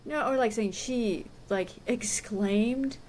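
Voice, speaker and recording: Chatty woman with a slightly high voice. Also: slow pace, a little mellow, a little hiss or hum. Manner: chatty, sardonic, lots of "like". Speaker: podcast co-host. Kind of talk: casual chat.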